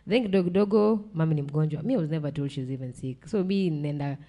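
A woman's voice: low voice, fast talker, muffled recording. A young woman with a Kenyan accent tells a painful personal story in blunt speech that swings between English and Swahili slang, sounding close to tears. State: emotional, near tears. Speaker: podcast guest.

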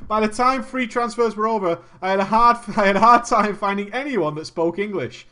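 A man telling a comic gaming story in an animated way, laughing and swearing often. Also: sits high, fairly quick, few pauses.

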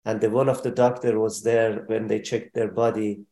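Halting man in a roomy space. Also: fairly low pitch, flat delivery, mellow. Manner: halting speech with many fillers and restarts. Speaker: guest describing relief work. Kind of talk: emotional personal testimony. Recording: roomy echo.

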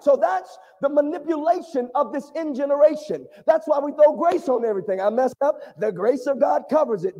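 A man's voice: extremely high pitch, mellow, dull audio. A man preaching an impassioned sermon to a congregation, calling out for their responses. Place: church sanctuary. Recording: long reverb of a large hall.

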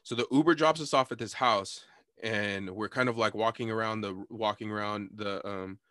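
A man's voice: lowish voice, normal speed, no echo, clean studio sound. A young man telling a story in casual chat, cursing a lot and acting out quotes. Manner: animated storytelling, heavy cursing, acts out quotes.

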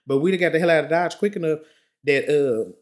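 A man hosting a podcast, telling a story in a casual, expressive way. He laughs often, calls his listeners honey, and moves between lively bursts and quiet, reflective stretches. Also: fairly high pitch, a little fast. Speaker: podcast host.

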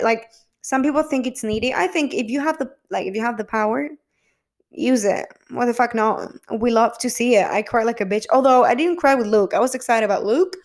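A young woman chats casually to camera about a show she loves. She gushes and swears freely, acting out what people said. Her voice sits a little high. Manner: gushing, emotional, swears freely, quotes people in animated voices. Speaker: vlogger reviewing a TV episode. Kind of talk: casual chat.

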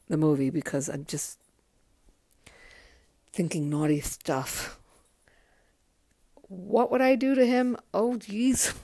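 Low-voiced, profane woman podcaster. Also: darkish tone, no room sound, clean studio sound. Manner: candid and profane, rambling with frequent ums. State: tired, yawning. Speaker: podcast host. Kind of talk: casual solo podcast chat.

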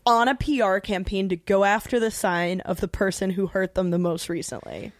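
A woman's voice: medium pitch, normal speed, no echo. A woman from South Africa co-hosting a comedy podcast, making dry, teasing jokes in casual chat.

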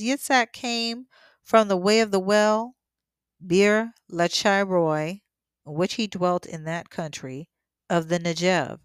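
Slow, smooth-voiced woman reading scripture. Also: medium pitch, no echo. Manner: reads steadily, then breaks in with emotional asides. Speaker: scripture teacher. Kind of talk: reading scripture aloud with commentary.

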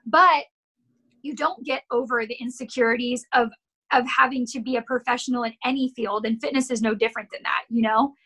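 A woman's voice: a little high, steady tone, a little fast, sharp tone, husky, poor audio. A woman who owns a gym, talking candidly and encouragingly in a casual podcast chat. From California. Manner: candid, encouraging, tells stories with quoted voices. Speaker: gym owner and personal trainer.

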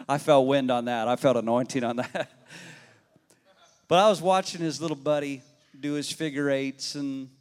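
A man preaching to his congregation in a relaxed, folksy way, mixing story and prayer. His voice sits at an ordinary middle pitch. The sound carries the long, ringing reverb of a large church hall. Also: slow pace, pauses often. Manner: conversational, folksy, addresses the congregation directly. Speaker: pastor. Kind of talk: sermon with storytelling. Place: church sanctuary.

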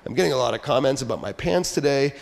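A man preaching a sermon as pastor, talking conversationally and joking, then dropping into quiet asides. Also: medium pitch, lively intonation, quick pace, creaky, slight background noise. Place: church sanctuary. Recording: long church hall reverb.

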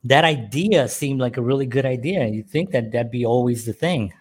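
A man's voice: medium pitch, moderate pace, slightly rough. A middle-aged man hosting a casual talk show from home, rambling with many fillers and restarts. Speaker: podcast host. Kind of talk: casual chat.

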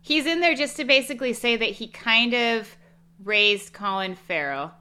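A woman's voice: fairly high pitch, moderate pace, bright, forceful tone, clean tone. A woman co-hosting a podcast, recapping a movie in sardonic, swearing casual chat and laughing often. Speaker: podcast co-host.

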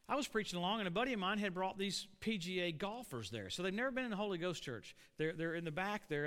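A man preaching a storytelling sermon to a church congregation, animated and putting questions to the room. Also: on the high side, clean tone. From Oklahoma. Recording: echoey church hall.

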